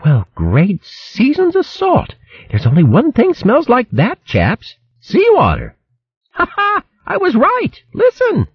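A man voicing an excitable hearty male hare full of exclamations and old-fashioned slang, on a dull lo-fi recording. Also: extremely high pitch, slow pace, husky, no room sound, pitched above the performer's own voice, full character voice. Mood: excited.

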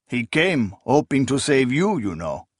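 A man voicing a cold, calculating male sorcerer spymaster who speaks in a calm, measured, quietly menacing way in an audiobook. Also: medium pitch, no room sound, studio quality.

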